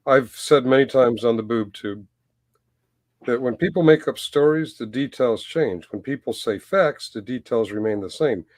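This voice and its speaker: A man hosting a casual chat show, halting and filling gaps with ums. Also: mid-range voice, no room sound. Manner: halting, many ums and uhs. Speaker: host. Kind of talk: casual banter.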